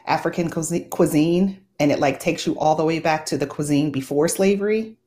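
A woman co-hosting a podcast, chatting in a relaxed, easygoing way and laughing easily. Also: low voice, fairly quick. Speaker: podcast co-host. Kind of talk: casual chat.

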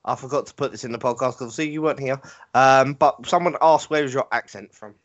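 A man's voice: medium pitch, fast. Young man hosting a gaming podcast. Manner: relaxed, reads news with fillers. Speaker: podcast host. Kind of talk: casual gaming podcast chat. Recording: dull lo-fi podcast audio.

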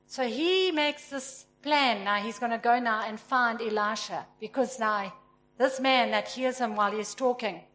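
A woman preaching a sermon, retelling a story and acting out its characters with lively emphasis. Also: on the high side, measured pace, a little hiss or hum. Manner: animated, acts out the characters with emphasis.

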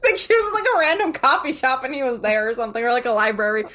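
A woman with a New York accent co-hosting a podcast, telling stories in casual chat, full of "like" and quick asides. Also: sits high, noisy background. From New York City. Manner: excitable storyteller, lots of "like". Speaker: podcast co-host.

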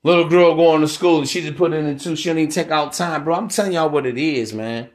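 A man's voice: fairly high pitch, quick pace. A man hosting a solo podcast, ranting in a blunt, preachy, profane way. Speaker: podcast host.

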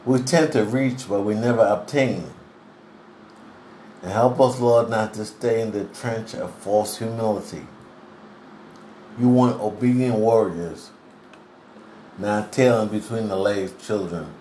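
Man, devotional sermon, earnest deliberate preaching, occasional throat clearing, roomy echoey recording, faint hiss. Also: fairly low pitch, mellow.

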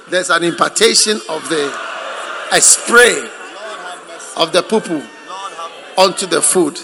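A man preaching a sermon in a church, lively and joking with the congregation. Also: on the high side, takes it slowly, gravelly, pauses often, crowd noise, background noise. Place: church hall. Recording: echoey hall with long reverb.

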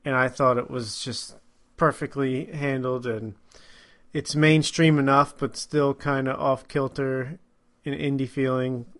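A man's voice: medium pitch, fairly even intonation, unhurried, fairly bright tone. Male podcast co-host, easygoing film chat, laughs as he talks. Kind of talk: casual movie chat.

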